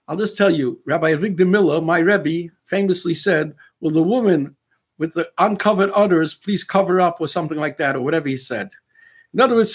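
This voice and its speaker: New guy ranting on the radio, high pitch, husky, throws in hebrew and yiddish words. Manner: fiery, acts out dialogue in quick bursts. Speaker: radio host. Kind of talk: impassioned radio talk.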